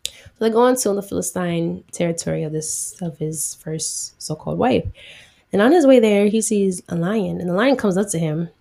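A woman's voice: fairly low pitch, vocal fry, mellow. A woman giving a casual, slangy sermon, retelling a Bible story in a chatty way full of 'like'.

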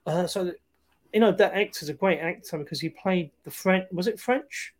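A man's voice: high-pitched, normal speed. A man chatting casually about films on a remote call, rambling with many fillers and restarts.

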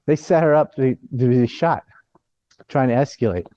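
Blunt, ranting man with a mellow voice. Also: mid-range voice, normal speed, no echo, dull audio. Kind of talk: casual political chat.

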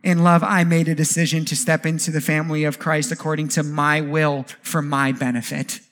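A man preaching a sermon as pastor, animated, with jokey asides and rhetorical questions. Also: a little high, brisk.

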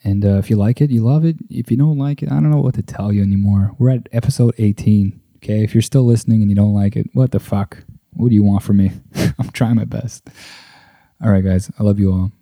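Low, flat-voiced young man rambling. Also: fast, no room sound. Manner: rambling and profane, full of "like" and "you know". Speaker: podcast host. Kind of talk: casual solo podcast monologue. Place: at a table indoors. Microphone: desk microphone close to the mouth.

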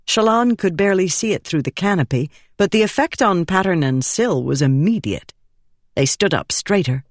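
A woman reading a fantasy audiobook in measured, expressive narration. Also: low-pitched, no room sound.

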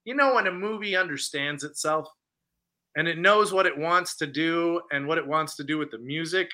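Male podcast co-host, sharp bright tone, slightly high-pitched, animated storyteller. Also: normal speed. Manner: animated retelling, acts out lines from scenes; conversational with many fillers. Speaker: podcast co-host reviewing films. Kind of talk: casual chat.

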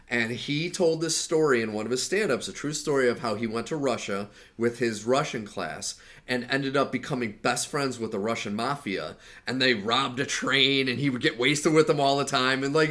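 Brief: male podcast co-host, mid pitch, rambling casual storyteller. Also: a bit bright. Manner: rambling, laughs while retelling scenes. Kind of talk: casual chat.

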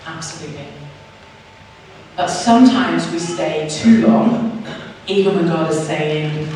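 A woman's voice: low voice, unhurried, long pauses, mellow, distant mic, slight background noise. Northern Irish woman preaching in an echoey hall. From Northern Ireland. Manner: chatty and self-mocking, acts out both sides of conversations. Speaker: church speaker. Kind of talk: personal testimony sermon. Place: church hall.

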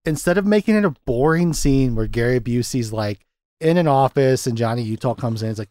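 A man's voice: medium pitch, animated, a little fast, dark tone, no room sound. A man hosting a podcast, chatting about a movie with enthusiasm, laughing often and swearing casually. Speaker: podcast host.

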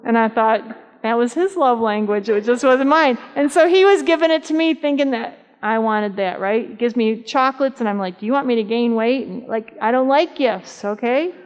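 A woman's voice: fairly high pitch, moderate pace. A woman in her fifties giving a conversational, humorous sermon at a church camp meeting, telling stories and asking the audience questions. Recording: dull sound with long hall reverb.

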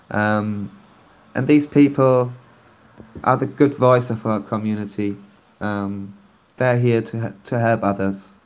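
Here is a man with a lowish voice, talking English as a second language on an online community call. He speaks haltingly and keeps breaking in with ums and false starts. His tone is friendly and informal. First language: not English. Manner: hesitant, many ums and restarts. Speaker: community member announcing a nomination. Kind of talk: casual chat on a community voice call.

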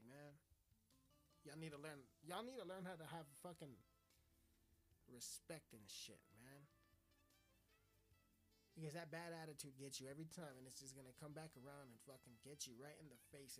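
A man hosting a stream and delivering a crude, swearing, mock-offensive comedic rant. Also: on the high side. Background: faint music.

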